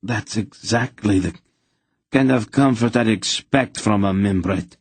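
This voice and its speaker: A wounded young man as a man voices him speaks through pain in a biting, strained voice. It sits a little higher than the reader's own voice and stays husky and dry. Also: a little slow, no echo. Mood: scornful.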